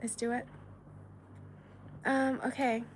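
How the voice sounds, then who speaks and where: A woman's voice: a little high, little pitch movement, slow pace, slight background noise. A woman from China hosting a casual livestream, reading viewer messages aloud in a chatty, giggly way with lots of filler words. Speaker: livestream host.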